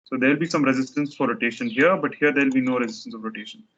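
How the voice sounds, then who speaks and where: A man's voice: mid-range voice, rapid-fire, a bit bright, muffled recording. A man teaching a structures lecture, explaining step by step while he sketches diagrams, often restarting his sentences.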